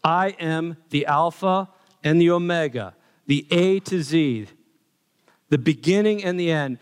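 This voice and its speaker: Slow, emphatic male preacher in a reverberant hall. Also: a little high, clear, resonant tone. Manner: emphatic, builds repeated lists of phrases. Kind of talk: sermon. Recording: long reverb of a large hall.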